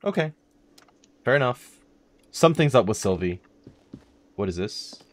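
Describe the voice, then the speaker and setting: A man's voice: mid-range voice, big pitch swings, a little slow, dry recording. A man doing casual gameplay commentary, reading game text aloud and thinking aloud with a wry manner. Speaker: let's play host.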